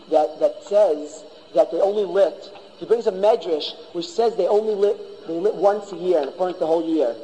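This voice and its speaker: A man's voice: high voice, mellow. A man teaching a Torah class as a rabbi, emphatic, often repeating and restarting his phrases. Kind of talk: Torah lecture. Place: yeshiva hall. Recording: long reverb of a large hall.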